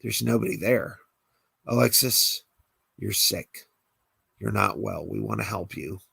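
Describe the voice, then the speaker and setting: A man reads a script aloud and plays an earnest young male superhero who pleads calmly with a villain. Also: lowish voice, a little slow, creaky, breathy edge, dry recording, full character voice. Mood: gentle. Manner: calm, pleading.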